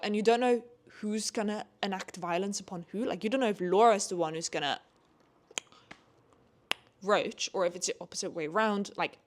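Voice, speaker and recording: Una giovane donna che recensisce libri in un vlog informale. Parla in modo chiacchierone, con tanti intercalari, e impreca senza problemi. Ogni tanto si lascia andare a sfoghi animati. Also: female voice, medium pitch, brisk. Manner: chatty, heavy use of "like", swears when annoyed; animated, rising into ranting bursts. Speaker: book vlogger. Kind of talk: casual book review vlog.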